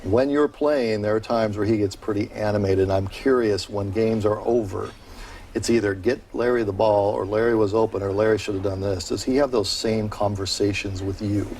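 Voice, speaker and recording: A man hosting a sports show, talking in an energetic, opinionated and chatty way, then interviewing a guest. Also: lowish voice, moderate pace, a little hiss or hum.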